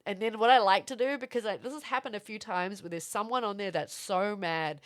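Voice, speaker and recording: A young woman from Florida, streaming and chatting casually with viewers, animated and swearing now and then. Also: mid-range voice, fairly quick, few pauses. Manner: animated, swearing, reads out chat. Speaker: livestreamer.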